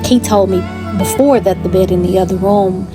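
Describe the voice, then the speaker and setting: A woman speaks in an easy, conversational storytelling voice, chatty and animated. Her pitch sits in the middle range. Guitar music plays clearly underneath her voice. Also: moderate pace. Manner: chatty and animated, with asides and fillers. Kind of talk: casual storytime monologue. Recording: music playing clearly behind.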